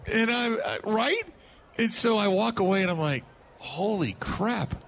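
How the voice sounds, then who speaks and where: A man's voice: sits high, normal speed, a little hiss or hum. A male sports talk radio host telling an anecdote, laughing and acting out what people said. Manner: animated, laughing storyteller acting out quotes.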